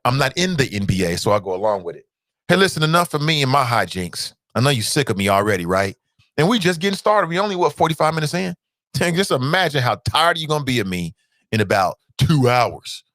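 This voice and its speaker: A man hosting a talk show with a bright, forceful voice that swings widely up and down. He talks in a playful, trash-talking way and stretches out his words. The sound is close and dry. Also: mid-range voice, no echo. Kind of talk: casual radio-style talk show monologue.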